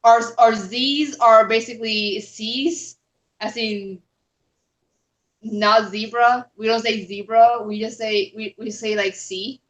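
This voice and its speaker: A woman's voice: on the high side, steady tone, slow. A woman taking part as a guest panelist in a casual live chat over a video call, often searching for words and restarting her sentences. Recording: dull lo-fi call audio.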